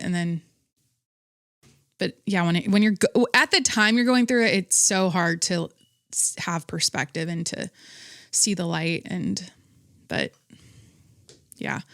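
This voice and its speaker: A woman's voice: medium pitch, no room sound, clean studio sound. Rambling chatty woman podcast host. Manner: rambling, self-interrupting, laughs often. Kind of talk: casual solo podcast chat.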